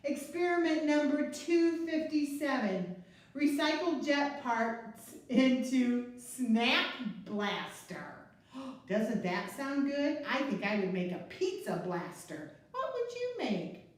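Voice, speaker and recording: A woman librarian reads a picture book aloud to young children at an unhurried, deliberate pace. Her voice sits a little high and carries playful, expressive asides. The recording is very echoey, and she is some distance from the mic. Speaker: children's librarian reading storytime.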